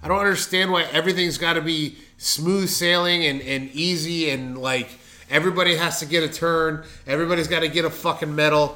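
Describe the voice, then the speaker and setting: A man's voice: on the high side, steady tone, fairly quick, pushed and bright. A man in casual chat as a podcast co-host, ranting emphatically and swearing a lot.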